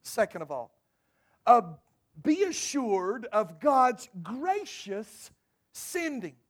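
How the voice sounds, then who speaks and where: A man's voice: extremely high pitch, very animated, slow pace. A man preaching a sermon to his congregation, emphatic and storytelling. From United States. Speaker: pastor.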